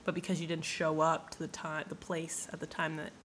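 A woman's voice: sits low, little pitch movement, fairly quick, a bit bright, a little hiss or hum. A woman voicing a wise old male alchemist who gives advice in blunt, slangy talk. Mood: lecturing. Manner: blunt, slangy, matter-of-fact.

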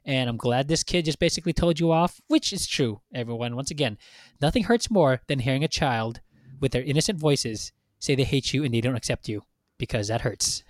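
Casting: male podcast co-host, loud profane rant, dry close sound. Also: mid-range voice, fairly quick, dry recording. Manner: animated, profane ranting. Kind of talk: casual chat.

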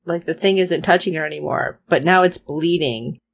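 A woman co-hosting a podcast, reacting to a series with lively, acted-out quotes of characters. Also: low voice, normal speed, gravelly, dull audio. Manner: animated, acts out characters' reactions. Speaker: podcast co-host recapping a series. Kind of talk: casual chat.

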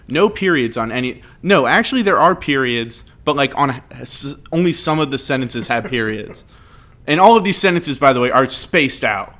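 Man, casual rambling storyteller, animated, swears a lot, mid-pitched voice. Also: normal speed.

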